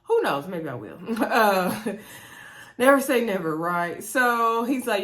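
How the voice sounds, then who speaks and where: A woman's voice: mid-range voice, very animated, takes it slowly, fairly bright tone. Woman reviewer, chatty recap vlog, talks to viewers like friends, medium voice. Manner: chatty, addresses viewers as y'all, laughs often.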